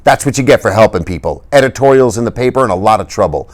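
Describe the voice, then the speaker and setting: A man's voice: lowish voice, expressive, quick pace, voice pushed up, natural voice. A man voicing a reckless, tough teenage greaser boy who talks in urgent, commanding street slang. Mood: raving.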